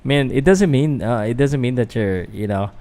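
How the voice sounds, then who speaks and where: A man's voice: mid-range voice, expressive, moderate pace, warm tone. A Filipino man, a boxing vlogger doing casual live fight commentary, chatting loosely to viewers with fillers and restarts. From Philippines.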